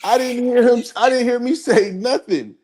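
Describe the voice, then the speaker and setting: A man with a loud voice, defiant and dismissive as a guest in a heated panel debate, repeating his demands. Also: extremely high pitch, normal speed.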